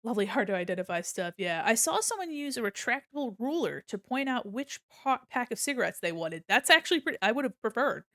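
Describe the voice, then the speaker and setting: With a fairly high pitch, a brisk pace and hardly any pauses, this woman chats with her stream's viewers and tells profane stories, acting out the quotes with animation. The studio sound is clean, with no echo.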